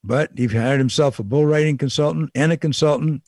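A man's voice: fairly high pitch, a little fast, a little mellow, no room sound. An older man giving a casual, wry political commentary monologue, repeating his points and chuckling at the absurd bits. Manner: wry, repetitive, chuckling asides.

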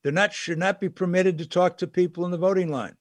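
A man's voice: high-pitched, steady tone, quick pace, dry recording, clean studio sound. A man giving conversational political commentary, indignant and emphatic, with sarcastic asides.

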